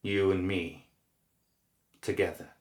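A man's voice: low-pitched, level tone, slow. A man voicing an old monk mage who speaks sternly and defiantly, recorded in an echoey room. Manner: stern, firm.

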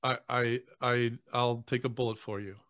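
Earnest priest, halting and emotional. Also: male voice, mid-range voice, flat delivery, a bit bright, no room sound, clean studio sound. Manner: earnest, halting, repeats words when moved. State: choking back tears. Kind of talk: emotional podcast conversation.

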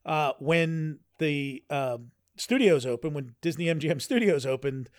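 A man's voice: a little high, measured pace, no echo, clean studio sound. A man co-hosting a podcast in casual chat, rambling with frequent restarts. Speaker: podcast co-host.

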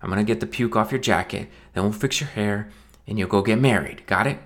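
A man's voice: fairly quick, natural voice. A man voicing an anxious young best man who coaxes his drunk friend in an earnest, rising voice. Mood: urgent coaxing. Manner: earnest, coaxing, rising higher.

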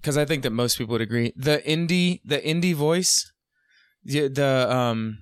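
A man co-hosting a podcast in casual chat, animated and teasing, often mimicking voices. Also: medium pitch, normal speed, clear, resonant tone, no echo, studio quality. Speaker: podcast co-host.

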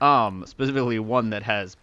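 A man's voice: lowish voice, a little fast, bright, forceful tone, clean tone, dull audio. A man playing a tabletop role-playing game, talking hesitantly with many fillers. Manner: hesitant, lots of ums and likes. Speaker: player. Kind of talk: in-character tabletop game play.

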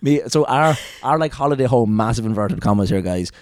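A young Irish man co-hosting a casual chat podcast, telling animated stories with lots of swearing and laughter. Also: mid-range voice, brisk, slight background noise. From Ireland. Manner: animated storyteller, swears freely, laughs often. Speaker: podcast co-host.

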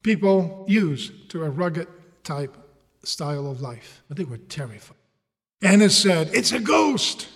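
Guy preaching, english not his first language, keeps asking the crowd questions, echoey big hall. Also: high-pitched. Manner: animated storytelling, rhetorical questions to the audience. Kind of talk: sermon.

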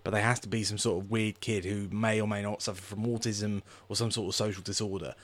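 A man co-hosting a film review podcast, blunt and sweary, with halting restarts. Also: fairly low pitch, flat delivery. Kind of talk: casual film review chat.

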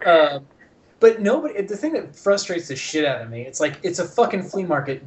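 Slightly high-voiced man, swears a lot, animated storyteller voicing everyone in his anecdote. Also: a little fast. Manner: profane, animated storyteller acting out dialogue. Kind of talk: casual chat, storytelling.

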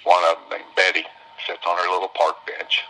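A man with a deep voice spins homespun stories for a group of visitors. His tone is husky and rough around the edges, yet bright and forceful. He often says things twice to drive them home. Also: monotone, brisk, rough recording. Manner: homespun, repeats phrases for emphasis. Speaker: business owner speaking to visitors. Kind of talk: folksy storytelling talk.

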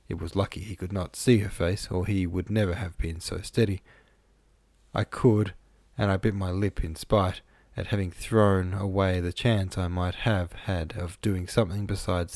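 A man reading a novel aloud in the first person, measured and even. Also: low-pitched, no room sound. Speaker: audiobook narrator.

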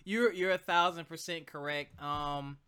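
A man's voice: a little high, fairly even intonation, unhurried, pushed and bright, clean tone. A man hosting a casual chat, asking questions in a loose, teasing way and laughing often. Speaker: podcast host.

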